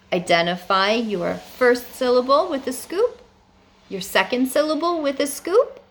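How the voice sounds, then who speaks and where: A woman with a fairly high voice teaches young students a phonics lesson. She dictates words slowly and carefully, pausing deliberately between them.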